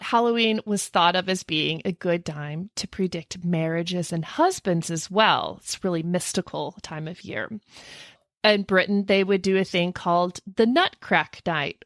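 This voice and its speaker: Speaking on the low side in clean studio sound without echo, this woman co-hosts a podcast. Her spooky-history storytelling is casual and animated, full of laughter and jokey asides.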